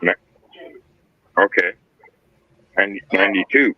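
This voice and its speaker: A man talking casually on a livestream, halting with fillers as he explains his distilling. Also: sits low, dull audio, a crowd in the background. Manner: halting, many fillers and restarts.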